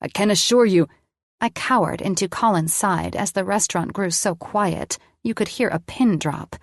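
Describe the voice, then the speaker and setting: A woman's voice: mid-range voice, normal speed, no echo, clean studio sound. A woman reading a romance audiobook in first person, with an intimate, confessional tone. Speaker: audiobook narrator.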